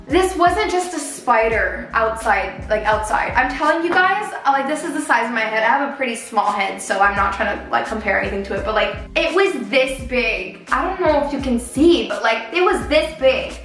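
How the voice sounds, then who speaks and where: A woman in her twenties telling a story in a casual vlog while doing her makeup, animated and chatty, with many "like" fillers. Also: fairly high pitch, moderate pace, hardly any pauses. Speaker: beauty vlogger. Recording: roomy echo with faint background music.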